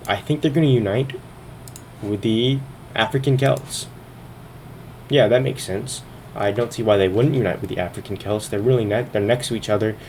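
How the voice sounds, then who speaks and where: A man's voice: fairly low pitch, a little mellow, a little hiss or hum. A man casually commenting on a strategy game, thinking aloud as he narrates each turn, sometimes a little out of breath. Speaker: gaming video host.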